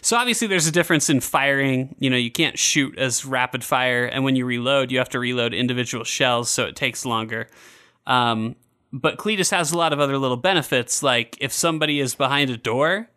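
A man's voice: mid-range voice, clear, resonant tone. A man hosting a podcast, chatting casually and loosely with lots of fillers and restarts. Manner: relaxed, filler-heavy, self-correcting. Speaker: podcast host. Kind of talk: casual game review chat.

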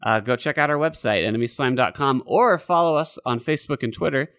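Hoarse podcast host, casual and profane. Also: male voice, medium pitch, brisk, few pauses, a bit bright, no echo, soft background music. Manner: rambling, swears casually. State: hoarse, losing his voice. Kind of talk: casual chat.

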